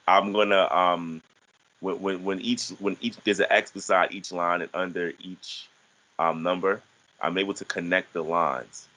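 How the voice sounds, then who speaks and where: A man with a deep, low voice talks through a lesson for an online class. He explains patiently and often stops to restart his sentences. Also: fairly even intonation, sharp tone, poor audio. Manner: halting, many restarts and fillers. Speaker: teacher.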